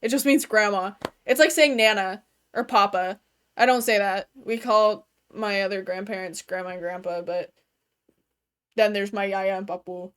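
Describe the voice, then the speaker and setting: A woman's voice: mid-range voice, steady tone, normal speed, a bit bright, smooth. A young adult woman chatting casually from her bedroom while streaming a game, talking loosely and swearing freely, with lots of "like" fillers. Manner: loose and profane, full of "like" fillers. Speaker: gaming streamer.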